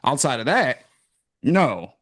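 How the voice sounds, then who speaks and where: A man hosting a casual podcast chat, ranting in a profane, animated way. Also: medium pitch, slow pace, dry recording, studio quality. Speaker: podcast host.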